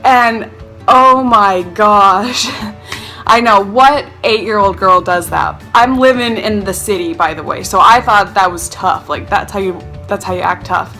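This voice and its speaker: A young woman vlogger telling her childhood stories in a casual, animated, self-mocking way, acting out the people in them. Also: medium pitch, measured pace, soft background music. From North Carolina. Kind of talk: casual storytelling to camera.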